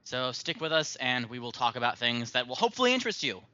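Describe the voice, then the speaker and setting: A man's voice: medium pitch, big pitch swings, quick pace, sharp tone, dry recording, muffled recording. A man hosting a podcast in casual chat, rambling and self-mocking with lots of ums and uhs. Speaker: podcast host.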